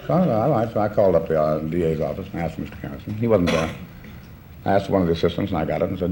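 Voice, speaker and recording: A low-voiced man in his fifties from New Orleans talks quickly as a talk show guest. His pitch swings widely as he acts out quoted exchanges. A faint hiss sits under this old 1960s television recording. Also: lively intonation, gravelly, dark tone. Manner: recounts events with acted-out quoted dialogue. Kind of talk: casual chat.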